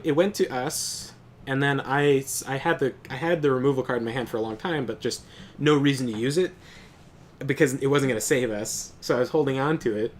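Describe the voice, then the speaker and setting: A young man streaming a game, telling animated, profanity-laced stories in casual chat. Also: mid-range voice, a little hiss or hum. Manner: animated storytelling, swears often. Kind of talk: casual chat while gaming.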